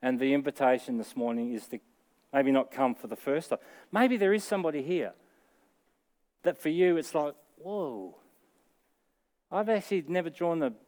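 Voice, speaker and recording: A middle-aged Australian man delivers a sermon from the pulpit. He talks in a casual, conversational way, then lifts into earnest, emphatic peaks on his key points. His voice sits at an ordinary pitch for a man. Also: normal speed, long pauses, darkish tone. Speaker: pastor.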